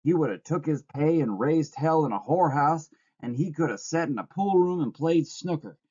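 A man doing a sharp, nagging aunt. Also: a little high, expressive, moderate pace, pitched above the performer's own voice. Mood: scolding. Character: scolding woman, aunt of a simple man. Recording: dull lo-fi recording.

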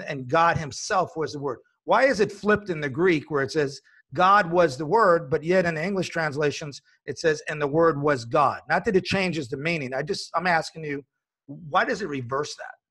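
A man's voice: on the high side, a little fast, a bit bright, husky. A man hosting a religious discussion, asking earnest, probing questions. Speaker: host.

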